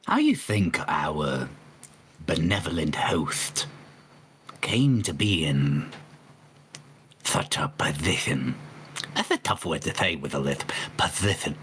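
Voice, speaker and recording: A man voicing a sly male rogue with a lisp and a raspy voice, drawling in-character remarks at a tabletop game. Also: extremely low pitch, big pitch swings, slow, pauses often, a bit bright, a little hiss or hum, full character voice. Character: gruff lisping male rogue, sly and scheming. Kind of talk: in-character roleplay.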